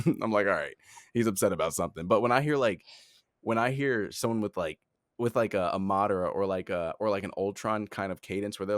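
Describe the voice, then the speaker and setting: A young man co-hosting a podcast, talking in an animated, rambling way with lots of fillers and laughs. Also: fairly low pitch, no room sound, clean studio sound. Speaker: podcast co-host, head of talent. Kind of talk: casual chat.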